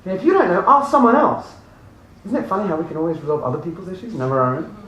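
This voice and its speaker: A man giving a lively motivational seminar talk to a live audience, often laughing and asking the room questions. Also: sits high, rapid-fire. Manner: animated, laughing, addresses audience directly. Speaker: motivational speaker. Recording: echoey room from far off, faint noise.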